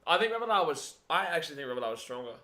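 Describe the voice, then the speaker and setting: Bright, excitable man. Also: fairly high pitch, rapid-fire. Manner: chatty, excitable, yells at the screen. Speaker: watch-along host. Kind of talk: live match watch-along commentary.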